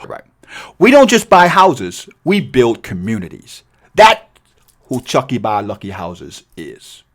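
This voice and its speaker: An energetic middle-aged man walks through a cold calling script, his pitch rising and falling a great deal as he stresses each point. His voice sits a little high for a man, and he slips into a lighter tone to act out sample lines for callers. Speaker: real estate investing coach. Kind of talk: training video walkthrough.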